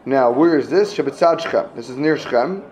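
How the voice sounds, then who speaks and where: A man's voice: mid-range voice, a little fast, darkish tone, slight background noise, low-quality recording. Man teaching a text phrase by phrase. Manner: reads phrase by phrase, translating each; asks students questions, repeats himself. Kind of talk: Mishnah class reading and translating.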